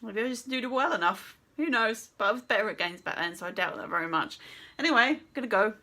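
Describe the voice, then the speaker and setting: Brief: woman gaming vlogger, sweary exasperated rant, bright edgy tone. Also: fairly high pitch, lively intonation, fast talker. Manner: exasperated, swears a lot, laughs often.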